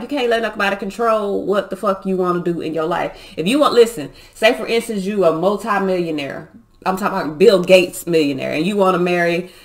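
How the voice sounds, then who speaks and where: A woman reads tarot cards for her viewers in a loose, casual way. She talks bluntly, swears freely and gets emphatic when she makes a point. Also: mid-range voice. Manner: blunt, profane, fired-up and emphatic. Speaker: tarot reader.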